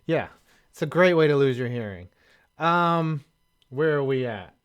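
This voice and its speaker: A man's voice: a little high, lively intonation, a little slow, lo-fi sound, crowd noise. A man hosting a casual sports talk live stream, wry and loose, often trailing off into mumbles.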